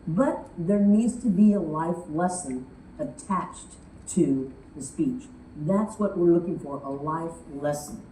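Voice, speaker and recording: A woman's voice: lowish voice, slow pace. A woman giving a speech-writing lesson, telling stories and acting out quotes. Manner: lively storytelling, acts out quotes. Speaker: public speaking coach. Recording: roomy, distant from the mic, faint noise.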